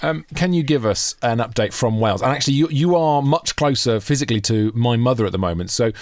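A man's voice: mid-range voice, animated, fast talker, dry recording, clean studio sound. A man hosting a podcast, joking and rambling as he introduces a guest. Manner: jokey, rambling, laughs often. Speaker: podcast host. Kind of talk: casual podcast chat.

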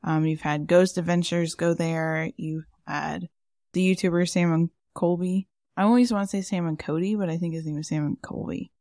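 A woman's voice: lowish voice, fairly even intonation, normal speed, dark tone, no echo, studio quality. A woman co-hosting a podcast in casual chat, rambling with lots of fillers. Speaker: podcast co-host.

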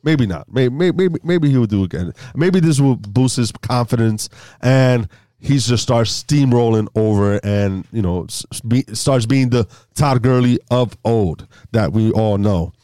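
A man's voice: a little slow, no room sound, clean studio sound. A man co-hosting a fantasy football podcast, leading the segments in casual chat, often stumbling and restarting his sentences. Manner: leads the segments, stumbles and restarts, lively pitch swings.

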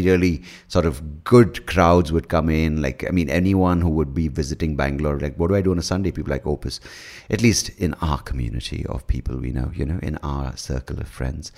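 Solo podcast host, extremely low voice, profane self-mocking ramble. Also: male voice, darkish tone. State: hungover. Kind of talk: casual solo monologue.

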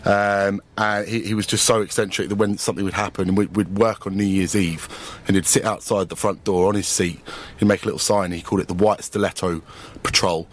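Male panelist, deep voice, halting casual storytelling. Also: little pitch movement. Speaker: regular panelist. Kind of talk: casual radio chat.

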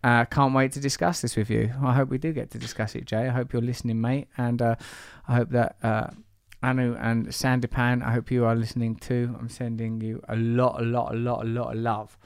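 A man's voice: medium pitch, little pitch movement, brisk, hardly any pauses, clean tone, dry recording. A man hosting a podcast, teasing and rambling through asides between introductions. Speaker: podcast host. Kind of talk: playful podcast intro and banter.

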